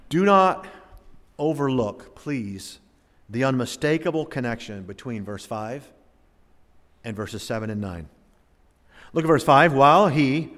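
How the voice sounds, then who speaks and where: A man preaching a sermon in earnest, dropping soft and low, then rising loud and high for emphasis. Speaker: pastor. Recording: long reverb of a large hall.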